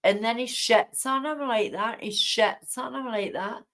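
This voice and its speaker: A woman's voice: fairly high pitch, a little slow, fairly bright tone. A woman hosting a late-night livestream from home, rambling and indignant as she chats to her viewers and greets them by name. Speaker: livestream host. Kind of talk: casual livestream chat to viewers.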